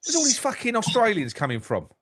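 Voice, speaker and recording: A man's voice: high-pitched, huge pitch swings, quick pace, a crowd in the background. A man, co-hosting a fan talk show, outspoken and swearing freely, often stumbling and restarting. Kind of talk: heated casual banter.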